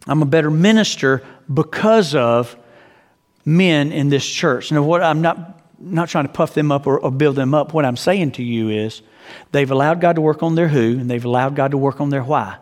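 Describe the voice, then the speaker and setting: A man's voice: fairly high pitch, normal speed, long reverb tail. A man pastor delivering a sermon in an earnest, conversational way, often asking the congregation questions.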